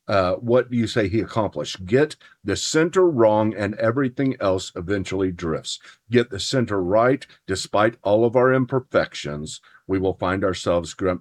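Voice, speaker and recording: A man hosting a podcast, talking theology in a casual, earnest way with his spouse and building to emphatic points. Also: on the low side. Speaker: podcast host. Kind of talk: casual theology chat, partly read from notes.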